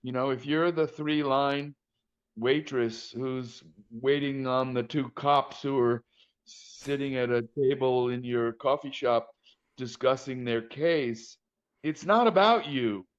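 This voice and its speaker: An older man talks frankly and at length, full of "uh"s and false starts as he tells stories from his casting work. His voice sits at an ordinary middle pitch. The audio is slightly muffled and lo-fi. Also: slow, clear, resonant tone. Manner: frank, anecdotal, frequent "uh" and restarts. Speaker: casting director, guest. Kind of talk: interview conversation.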